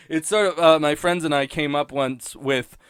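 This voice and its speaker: This man's voice sits on the high side with fairly even intonation, a bit bright, clear and resonant, at normal speed with no echo. Hosting a solo podcast, he rambles through a cartoon episode with wry commentary, often cutting himself off and laughing at his own points.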